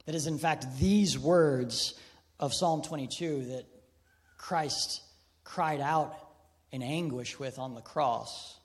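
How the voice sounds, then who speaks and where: A man preaching a sermon, earnest, shifting between hushed reflection and emphatic preaching, with casual asides. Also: a little high. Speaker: pastor. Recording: long reverb of a large hall.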